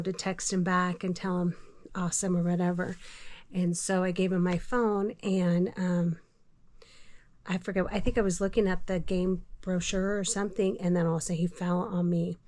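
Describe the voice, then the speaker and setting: A middle-aged woman vlogger telling a personal story in a casual, hesitant way, with many pauses and fillers. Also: on the low side, a little mellow. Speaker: homestead vlogger.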